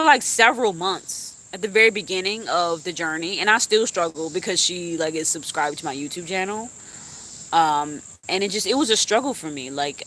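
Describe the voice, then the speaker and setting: A woman's voice: fairly low pitch, bright, forceful tone. A young woman YouTuber venting bluntly to her live stream chat, cussing freely.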